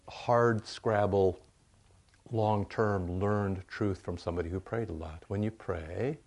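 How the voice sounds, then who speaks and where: Low gravelly-voiced older male pastor. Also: a little mellow. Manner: folksy and rambling, checks in with the congregation with frequent "right?". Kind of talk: conversational sermon.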